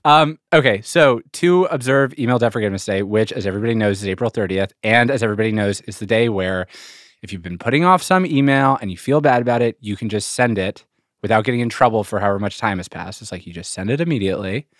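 Low-voiced podcast host with a dry sound. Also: male voice, fast talker, no echo. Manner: wry, playful banter. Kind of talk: casual chat.

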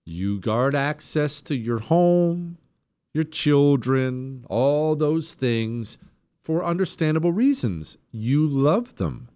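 A man's voice: a little high, very animated, slow, darkish tone. A man hosting a political talk radio show, delivering an emphatic, sarcastic monologue. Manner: emphatic, sarcastic, mocks opponents with put-on voices.

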